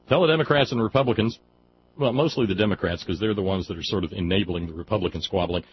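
A man's voice: low voice, expressive, quick pace. Man, radio call-in host, wry and folksy, blunt talk, dull lo-fi audio with faint hiss.

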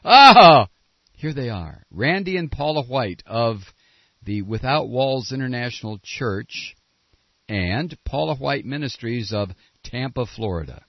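A man hosting a political talk radio show, sarcastic, and now and then breaking into shouted tirades. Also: medium pitch, lively intonation, unhurried, no room sound. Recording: dull lo-fi radio broadcast.

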